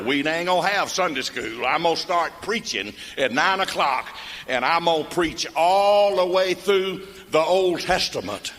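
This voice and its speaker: A man's voice: fairly high pitch, a bit bright, big-room sound. An older man with a Mississippi Southern accent telling comic country stories in a folksy drawl, acting out the people in them. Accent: Southern American, Mississippi. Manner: folksy drawl, acts out characters in the tales. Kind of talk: stand-up storytelling.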